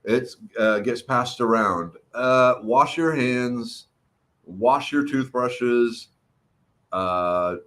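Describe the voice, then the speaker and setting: Middle-aged man, casual livestream host, talkative, reads viewer comments, mid-pitched voice, slightly rough throat. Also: fairly bright tone. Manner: chatty, greets viewers by name. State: throat recovering.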